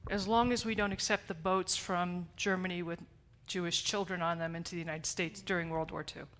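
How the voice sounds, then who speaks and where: A woman's voice: lowish voice, steady tone, fairly quick, fairly bright tone. A woman pastor leading a congregation discussion in a church, prodding people with questions and laughing easily. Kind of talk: open group discussion in church. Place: church sanctuary.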